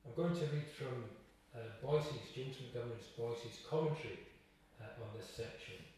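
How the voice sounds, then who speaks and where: A man's voice: medium pitch, normal speed, darkish tone, slight background noise. A man preaching a sermon, earnest and full of repeated rhetorical questions, in a church. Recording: echoey hall, distant mic.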